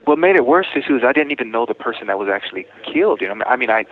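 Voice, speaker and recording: Fast-talking man on a tinny phone line. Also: medium pitch, expressive. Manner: rambling, self-correcting, retells dialogue. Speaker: interviewee telling his story. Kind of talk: personal account in casual talk.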